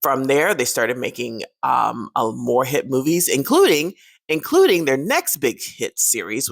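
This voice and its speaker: A woman's voice: rumbling low, big pitch swings, unhurried, gravelly, slightly rough, dry recording. A woman hosting a horror movie fun-facts video, talking casually and animatedly and laughing often.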